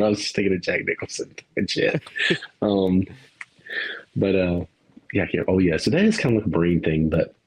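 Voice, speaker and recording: Low husky man chatting loosely. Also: poor audio. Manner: rambling, laughs often, trails off mid-thought. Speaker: podcast co-host. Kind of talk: casual chat.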